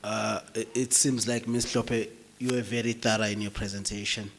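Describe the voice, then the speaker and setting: Hoarse South African man chairing a session. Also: on the low side, moderate pace, slight background noise. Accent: South African English. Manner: joking, relaxed chairing. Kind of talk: chairing an academic conference session. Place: university lecture hall.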